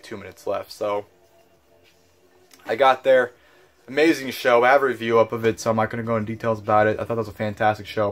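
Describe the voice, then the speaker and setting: A man's voice: fairly low pitch, fairly bright tone. A young man vlogger telling a story in a casual recap vlog, frustrated and heavy on swearing and fillers.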